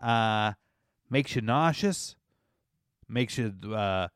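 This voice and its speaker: A man's voice: mid-range voice, lively intonation, drawn-out words, smooth, dry recording, clean studio sound. A man hosting a casual comedy radio show, playful and laughing often, explaining with frequent asides.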